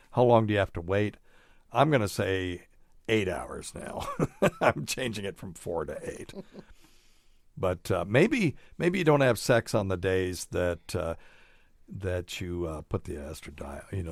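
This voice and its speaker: A man's voice: sits low, creaky, no echo, clean studio sound. A male doctor hosting a podcast in a casual chat, thinking aloud as he reads through studies and adds chuckling asides.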